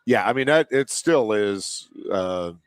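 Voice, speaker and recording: A man with a lowish voice co-hosts sports radio and adds calm, measured comments. The sound is dry and close to the mic. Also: clear, resonant tone, no room sound. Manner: measured, agreeable interjector. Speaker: radio co-host, wrestling broadcaster. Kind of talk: casual sports radio chat.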